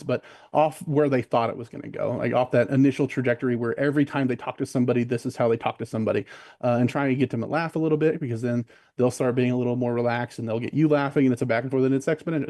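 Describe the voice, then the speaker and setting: A man's voice: medium pitch, a little mellow, dry recording, studio quality. A man speaking as a podcast guest in casual conversation, rambling with many fillers and restarts, and acting out what other people say. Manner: acts out quoted voices of other people.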